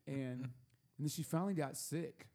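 A man telling a long story at a table in casual chat, animated and laughing often, repeating words as he goes. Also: a little high, moderate pace. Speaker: podcast host telling a story. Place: room at a table.

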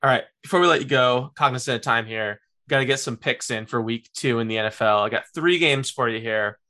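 A man's voice: mid-range voice, brisk, bright, forceful tone. A man hosting a podcast, chatting casually and easily about basketball and football picks. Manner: easygoing, chatty fan talk. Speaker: podcast host. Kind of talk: casual sports chat.

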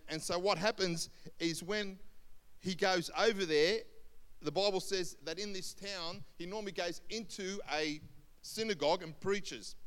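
A man's voice: a little high, clean tone. A man, a senior pastor telling a Bible story in a sermon, acting out the voices of people in it. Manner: animated storyteller, acts out voices in quotes. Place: church hall. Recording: long hall reverb.

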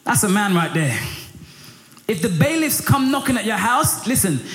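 A middle-aged man preaching a sermon in a lively, passionate way. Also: normal speed. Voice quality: high for a man, lively and passionate, rising when pressed. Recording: echoey room with faint music.

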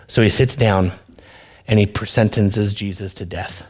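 A man's voice: on the low side, steady tone, unhurried, darkish tone. A male pastor preaching a sermon in an earnest, conversational way, speaking directly to his listeners.

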